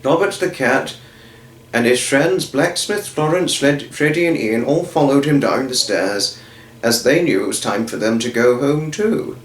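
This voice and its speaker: A man's voice: medium pitch, unhurried. A man reading a children's story aloud, rambling and often correcting himself. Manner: rambling, with frequent self-corrections. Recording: roomy echo.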